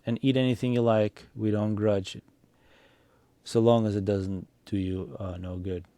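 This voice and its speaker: A man's voice: fairly low pitch, level tone, normal speed, dark tone, dry recording, close to an everyday voice. A man reading aloud, voicing a fearful, pious old village grandfather who frets and grows tearful. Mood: anxious, pious. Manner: anxious, tearful.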